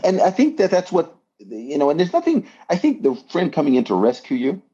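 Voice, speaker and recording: A man in casual conversation telling an animated story, often checking in with "right?". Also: fairly high pitch, a little fast, husky, dull audio.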